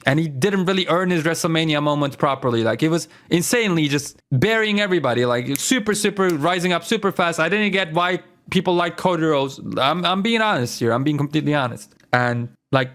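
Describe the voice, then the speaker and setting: A man's voice: on the high side, lively intonation, a little fast, hardly any pauses, fairly bright tone. A man on his own channel giving a casual, exasperated opinion rant about a wrestling show, with lots of fillers and rhetorical questions. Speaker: wrestling commentary YouTuber.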